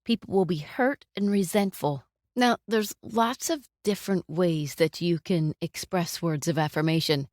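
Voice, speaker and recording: A middle-aged woman hosting a solo talk on relationships, conversational, warm, and fond of rhetorical questions. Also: fairly low pitch, unhurried, dry recording, studio quality. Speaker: podcast host.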